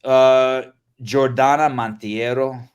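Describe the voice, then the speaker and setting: A man hosting a casual podcast, excitable and swearing, trailing off into fillers and restarts. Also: mid-range voice, takes it slowly, smooth, lo-fi sound. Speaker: podcast host.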